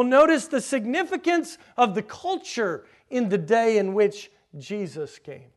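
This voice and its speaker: Man, high voice, sermon, teacherly, quizzes the congregation, drawn-out emphasis on key words. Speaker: preacher.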